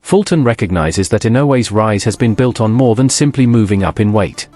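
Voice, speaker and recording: A man reading formal, scripted sports narration in an even, measured manner. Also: on the low side, no room sound, soft background music.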